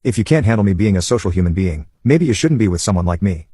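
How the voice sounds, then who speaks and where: Guy voicing a vain girlfriend brushing him off, fast and dismissive, dry sound. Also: sits low, lively intonation, mellow, breathy edge, dry recording. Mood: defensive, scornful. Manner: dismissive, defensive.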